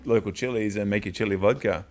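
A man's voice: lowish voice, fairly even intonation, fast, darkish tone. A middle-aged man in casual chat as a drinks reviewer, rambling and swearing freely as he tells bawdy anecdotes.

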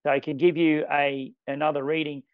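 A man running a casual product training demo, talking with enthusiasm and quick exclamations. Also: on the high side, little pitch movement, smooth, no room sound. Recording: dull lo-fi sound.

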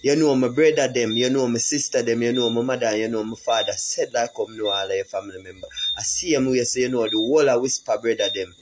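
A man's voice: medium pitch, steady tone, fast, hardly any pauses, background noise. A man with a Jamaican accent delivering a heated, repetitive social media rant that calls out a fellow artist.

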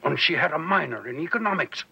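A man's voice: fairly high pitch, lively intonation, fast talker, gravelly, muffled recording, a little hiss or hum. An actor playing a sly old male ex-Nazi professor who speaks with a German accent. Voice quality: accented, mocking.

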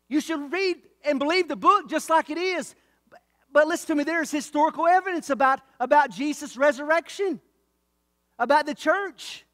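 A male pastor with a very high voice preaches with fervent emphasis, hammering his points home through repetition. His voice is close and dry, but a long reverb trails off behind it in the sanctuary. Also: a bit bright. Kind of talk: sermon. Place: church sanctuary.

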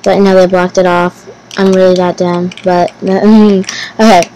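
A woman giving casual gameplay commentary as host of her channel, talking to herself nervously, repeating phrases and bursting into excited exclamations. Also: lowish voice, unhurried, a little hiss or hum, rough recording. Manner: nervous, anxious self-talk, repeating phrases.

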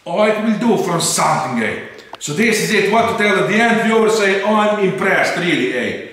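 A man with a Slovenian accent hosting an RC hobby channel, talking in a casual, excitable way and often repeating words. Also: high voice, moderate pace, distant mic. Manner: excitable, animated, repeats words, non-native phrasing. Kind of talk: casual unboxing chat. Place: indoor workshop. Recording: echoey room, off-mic, faint noise.

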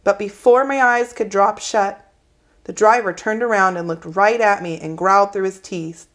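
A woman reading a children's novel aloud in a calm, steady storytelling manner. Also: medium pitch, normal speed. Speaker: reader.

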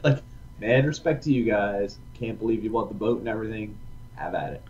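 A man's voice: on the low side, a little fast, darkish tone, highs cut off, a little hiss or hum. A man co-hosting a podcast, joking around and laughing often in casual chat. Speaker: podcast co-host.

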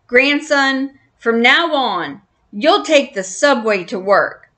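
A woman's voice: on the high side, animated, takes it slowly, a bit bright. A woman voicing a stingy, bossy old male mouse grandfather who blusters and commands in a storybook reading.

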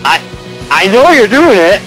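A young man playing a video game with friends, shouting loud, profane trash talk. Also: high voice, sing-song, a little slow, poor audio. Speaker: gamer. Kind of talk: casual gaming chat. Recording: game audio and music behind.

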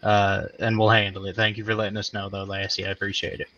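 A man's voice: lowish voice, fast, muffled recording. A man playing a patient frontier lawman. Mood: calm. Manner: calm, methodical questioning. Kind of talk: western game role-play.

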